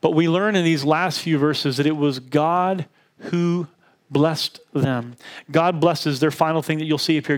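A man in his thirties preaching a sermon as a pastor. He tells stories with energy and acts out the people in them in a raised voice. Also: a little slow. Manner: animated storytelling, acts out quotes in a higher voice.

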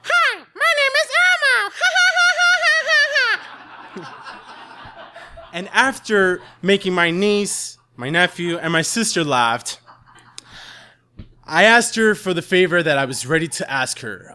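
Give me an earnest young man telling a dramatic story, bright and forceful. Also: a little high, smooth. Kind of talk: live storytelling.

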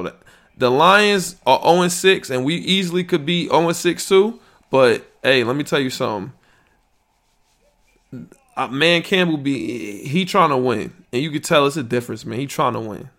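A man's voice: mid-range voice, a bit bright. A man hosting a podcast, giving a casual sports recap with blunt, slangy trash talk, reacting to a live chat. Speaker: podcast host.

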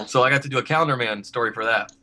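A man's voice: mid-range voice, rapid-fire, pushed and bright, a little hiss or hum. A man who writes comics, talking casually in a podcast chat, rambling and laughing often as he acts out quotes.

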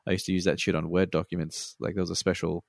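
A man's voice: low voice, flat delivery, quick pace, creaky, no echo, studio quality. A laid-back Australian man in casual chat, swearing freely and laughing often.

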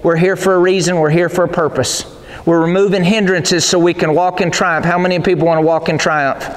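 A male pastor with a notably high voice delivers a sermon, driving home phrases again and again and calling on the congregation to repeat them. His voice rings out through a church sanctuary, with a long reverberant tail behind each line. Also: little pitch movement, fairly quick. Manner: repetitive call-and-response preaching. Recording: echoey reverberant hall.

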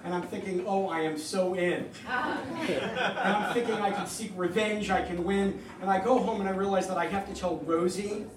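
A high-voiced man spins a wry, salty story about himself, picked up from a distance in a live, echoey hall. A low hum of audience ambience sits under him. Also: moderate pace. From New York. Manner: wry, profane, self-mocking. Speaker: comedian telling a personal story.

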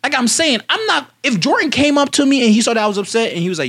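A young man co-hosting a casual podcast with friends. He argues insistently and keeps cutting back in to make his point. His voice sits high and swings widely in pitch. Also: big pitch swings, fast, a bit bright, breathy edge. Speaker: podcast co-host. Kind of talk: heated casual chat.

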